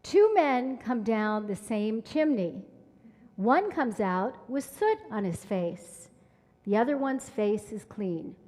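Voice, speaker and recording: A woman voicing a patient, wise older male rabbi who questions calmly. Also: on the high side, slow, in a large hall.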